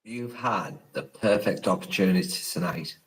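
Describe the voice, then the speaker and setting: A man working as a paranormal investigator, talking to a live stream in a hushed, rambling way with many ums, alone indoors at night and recording on a phone. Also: low-pitched, expressive, normal speed, rough recording. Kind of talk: live stream, answering chat.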